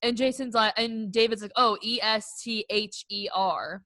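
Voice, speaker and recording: A woman's voice: a little high, fairly even intonation, unhurried, sharp tone, dry recording. A young woman co-hosting a podcast, telling a story in casual chat, filling her talk with "like". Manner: chatty storyteller, heavy use of "like". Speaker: podcast co-host.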